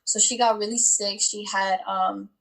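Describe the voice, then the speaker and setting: A woman's voice: mid-range voice, level tone, unhurried, gravelly, a bit bright, poor audio. Young woman in her 20s on an interview, talks casual, lots of like and um. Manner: chatty, with many likes and ums. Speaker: guest.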